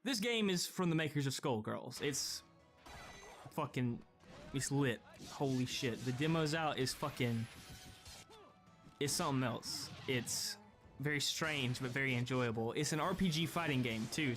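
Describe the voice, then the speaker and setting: A man's voice: medium pitch, normal speed, fairly bright tone, faint music behind. A young man giving scripted gaming vlog commentary, profane and sarcastic, ranting with strong opinions. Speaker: gaming video creator.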